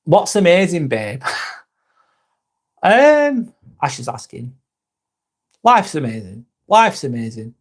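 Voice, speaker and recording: A chatty man hosts a live stream with a slightly raised voice. He reads out viewer comments in a relaxed, friendly way, calling people mate, and turns firm when trolls show up. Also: a little high, slow pace, pauses often. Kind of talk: casual live chat reading comments.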